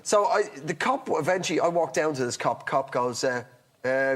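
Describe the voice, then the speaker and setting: A man, a comedian guest on a talk show, telling a long anecdote in a rambling, halting way with many restarts and acting out the other people in the story. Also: mid-range voice.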